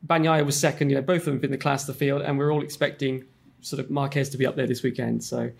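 A man's voice: mid-range voice, little pitch movement, fast talker, creaky. A man co-hosting a racing podcast, rambling through his points with lots of you-knows and restarts. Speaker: podcast co-host and racing pundit. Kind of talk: casual podcast chat.

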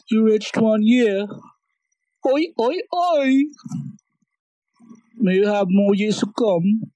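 A man's voice: high-pitched, warm tone, no room sound, low-quality recording. A man sending a voice message in a put-on, hammy Australian accent, playful and congratulatory. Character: jokey man in a fake Aussie accent.

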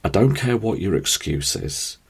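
A man hosting his own podcast, telling rambling, self-deprecating stories in a chatty, animated way. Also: low-pitched, a little slow, husky. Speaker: podcast host. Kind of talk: casual storytelling monologue.

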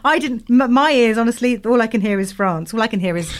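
A woman chats through a TV recap with lots of laughter and sudden high squeals. Her pitch swings up and down all the time. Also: quick pace. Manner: animated, laughs often, squeals in delight. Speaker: podcast co-host recapping a TV series. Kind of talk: casual chat recap.

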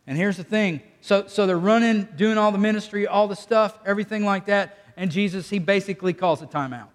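A man preaching in a folksy, conversational way, pulling the congregation into call-and-response. His voice sits high for a man. The church hall around him carries a long reverb. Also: a little fast. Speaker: pastor. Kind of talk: sermon. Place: church sanctuary.

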